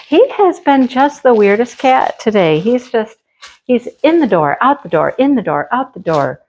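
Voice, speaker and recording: Chatty woman unboxing crafts, lively. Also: fairly high pitch, dull audio. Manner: chatty, talks to her cat and to viewers; lively and enthusiastic, quick laughs. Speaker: craft vlogger. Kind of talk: casual unboxing chat.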